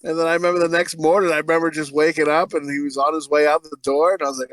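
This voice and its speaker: A man's voice: fairly high pitch, level tone, rapid-fire, hardly any pauses, no echo. A man co-hosting a podcast, talking in a crude, rambling way and laughing often. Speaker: podcast co-host. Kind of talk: casual podcast chat.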